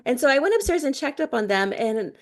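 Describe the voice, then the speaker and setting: A woman hosting a casual podcast chat, her voice sitting a little higher than most. She tells stories with lots of animation and breaks into laughter often. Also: brisk. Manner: animated storyteller, laughs often between words. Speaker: podcast host.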